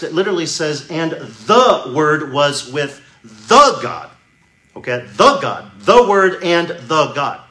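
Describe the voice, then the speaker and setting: A man's voice: fairly high pitch, bright, forceful tone. Emphatic male preacher in an echoey hall. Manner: emphatic teaching, slows to stress key words. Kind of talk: sermon. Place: church hall.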